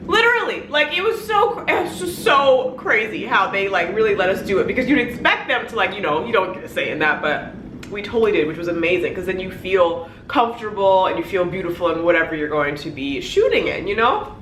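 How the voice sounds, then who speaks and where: A young woman vlogger telling an excited story in casual chat, peppering her talk with "like". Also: medium pitch, fairly quick, echoey room, noisy background. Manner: gushing, excitable, heavy on "like". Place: hotel room.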